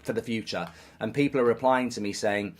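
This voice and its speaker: A man's voice: on the low side, brisk. A man ranting in an opinion monologue, exasperated and sarcastic, repeating words as he gets worked up. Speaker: football fan commentator.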